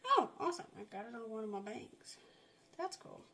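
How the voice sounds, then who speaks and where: A woman's voice: fairly high pitch, big pitch swings, brisk, pushed and bright. A woman chatting casually in a home vlog, rambling and self-mocking, often dropping to muttered asides under her breath. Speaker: vlogger. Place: home, at a table.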